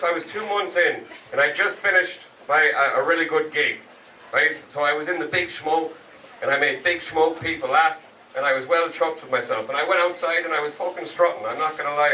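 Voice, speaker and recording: Young man, West of Ireland accent, stand-up comic, sweary crowd work, slightly high voice, noisy room. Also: fairly quick, bright, forceful tone. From Galway, west of Ireland. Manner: sweary, chatty, teasing the crowd. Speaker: stand-up comedian. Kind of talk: live stand-up set. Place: comedy club stage. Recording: echoey club, far mic, crowd noise.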